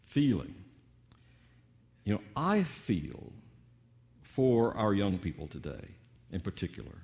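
A man preaching a sermon in a teacherly way, slowing down on key words and asking rhetorical questions. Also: fairly low pitch, very animated, darkish tone, dull audio. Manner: teacherly, varied emphasis with drawn-out pauses and rhetorical questions.

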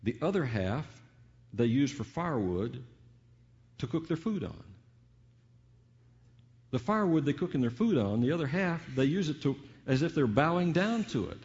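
An older man preaching a sermon with dramatic swings between booming peaks and hushed asides, full of rhetorical questions. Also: sing-song, moderate pace, pauses often, lo-fi sound.

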